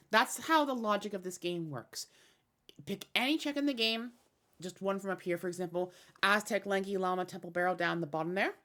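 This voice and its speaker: A woman's voice: medium pitch, fairly bright tone. A woman getting over a cold, explaining game logic in a tutorial voice-over, with a slightly self-amused, explanatory manner. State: sick with a cold. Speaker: randomizer dev team member explaining hints.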